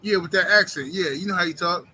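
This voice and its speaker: A man hosting a live boxing talk stream from home, chatting casually in an animated, joking, slangy way. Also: sits high, fast, breathy edge, low-quality recording.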